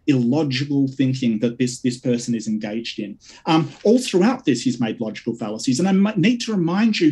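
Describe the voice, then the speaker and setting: Husky combative man debating. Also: on the high side, a little mellow. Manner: combative, listing accusations. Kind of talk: debate closing statement. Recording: distant mic at times.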